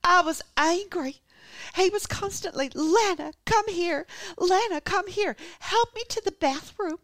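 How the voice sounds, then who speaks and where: A woman's voice: a bit bright, no echo, exaggerated voice. Woman putting on a drawling Southern American wife. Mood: bitter. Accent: attempted American Southern accent. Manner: drawling, slowed, pitched up. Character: American wife and nurse accused of poisoning, defensive.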